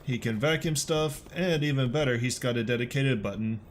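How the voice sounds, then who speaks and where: A man's voice: mid-range voice, a little fast, a little hiss or hum. A man hosting a let's play, giving wry, joking, laid-back commentary on a game as he plays. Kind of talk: casual gameplay commentary.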